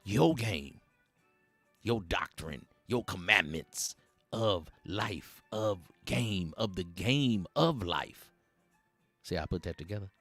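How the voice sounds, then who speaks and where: Animated streetwise man preaching dating game. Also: lowish voice, vocal fry, no echo. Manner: streetwise slang, preachy and rambling; animated, chuckles between points. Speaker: host. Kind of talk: satirical dating advice monologue.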